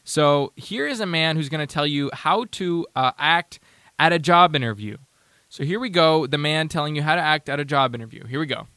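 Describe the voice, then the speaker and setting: A man's voice: fairly high pitch, brisk, bright, forceful tone, clean tone, no echo. Sarcastic rambling man, dry close sound. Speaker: podcast host. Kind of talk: casual commentary.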